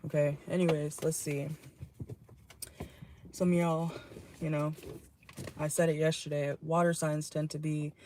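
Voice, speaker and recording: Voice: mid-range voice, level tone, a little slow, long pauses, a little mellow, slight background noise. Blunt, salty tarot reader in a car. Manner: blunt, salty, chatty, laughs often. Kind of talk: casual channeled tarot reading. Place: parked car.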